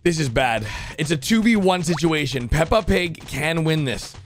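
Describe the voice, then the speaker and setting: A man hosting a reaction video, excitedly commenting and cheering characters on with loud exclamations. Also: a little high, normal speed. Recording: music playing under the voice.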